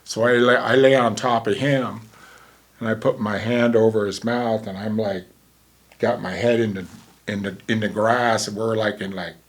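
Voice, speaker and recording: A man's voice: lowish voice, fairly even intonation, normal speed. A man in his sixties, a former paramedic, telling a vivid story in a casual way and acting out the dialogue.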